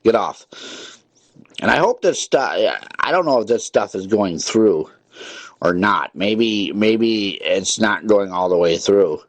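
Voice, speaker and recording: A low-voiced male radio host talking into a studio mic, annoyed and repetitive as he scolds callers. The sound is dry and close, with no room around it. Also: animated, measured pace, no echo. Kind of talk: call-in radio talk. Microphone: studio mic with headphones.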